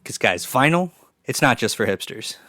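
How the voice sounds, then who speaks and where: A man's voice: medium pitch, big pitch swings, normal speed, bright, forceful tone, dry recording, clean studio sound. A man hosting a casual podcast, rambling loosely with lots of fillers and laughs. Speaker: podcast host. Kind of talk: casual podcast chat and read sponsor ad.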